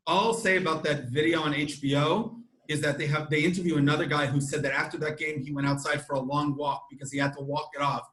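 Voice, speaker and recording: A man hosting a podcast who tells stories in an animated way, with frequent restarts. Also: on the high side, fast, hardly any pauses. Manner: animated storytelling, many restarts. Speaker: podcast host. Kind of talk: casual chat. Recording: echoey room.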